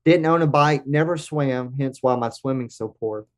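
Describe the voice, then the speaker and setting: An American man in his forties, a podcast guest telling lively anecdotes. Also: mid-range voice, normal speed. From United States. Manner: lively anecdotes with acted-out quotes. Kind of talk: casual storytelling.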